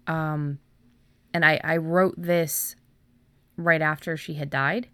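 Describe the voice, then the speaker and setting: A woman, an author, reading her own story aloud in a measured way and then chatting about it with hesitant fillers. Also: low-pitched, flat delivery, a bit bright, dry recording. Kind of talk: storybook narration, then casual chat.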